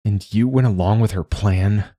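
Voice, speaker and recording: A man's voice: lowish voice, moderate pace, warm tone, natural voice. A man doing a prickly grieving old man. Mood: angry. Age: over 60. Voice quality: curt, defensive.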